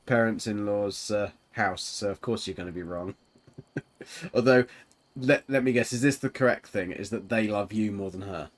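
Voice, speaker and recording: A man's voice: fairly low pitch, moderate pace. A man streaming a game and chatting casually with a teammate, rambling with lots of fillers and giggles. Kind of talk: casual chat while gaming.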